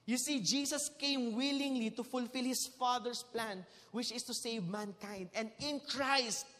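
A man with a Filipino accent preaches to his congregation, his voice pitched high and carrying a long trail of reverb through a large church hall. He is emphatic, jokes with the listeners and moves freely between English and Tagalog. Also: a little slow, fairly bright tone. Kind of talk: sermon.

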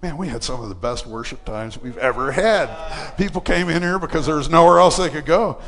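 A man with a fairly high voice preaches a little fast with hardly any pauses, and big-room sound surrounds him. He tells a personal story in a casual, conversational way, with fillers and lively impressions of the voices in it.

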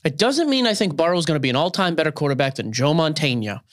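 A man's voice: on the high side, expressive, quick pace. A man in his thirties co-hosting a podcast, ranting and opinionated in casual chat. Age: 30s. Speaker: podcast co-host.

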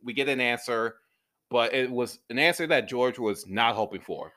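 A man co-hosting a casual movie review podcast who retells scenes with lively acted-out quotes. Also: medium pitch, normal speed. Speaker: podcast co-host.

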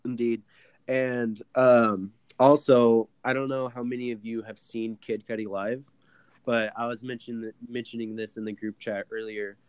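A man's voice: medium pitch, measured pace, smooth, no room sound, poor audio. A man co-hosting a casual podcast chat, telling stories with lots of fillers. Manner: animated storyteller, many fillers. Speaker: podcast co-host.

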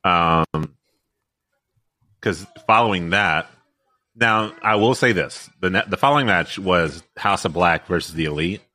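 A man's voice: deep voice, measured pace, sharp tone. A man co-hosting a podcast, talking casually and agreeably, with hesitant restarts. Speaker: podcast co-host. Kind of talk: casual chat.

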